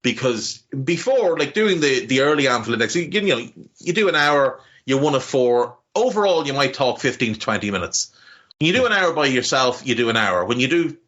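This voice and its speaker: A man's voice: mid-range voice, bright, forceful tone, lo-fi sound. A man with a Navan Irish accent, co-hosting a podcast in casual chat, rambling and heartfelt with many restarts and casual swearing. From Ireland. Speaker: podcast co-host.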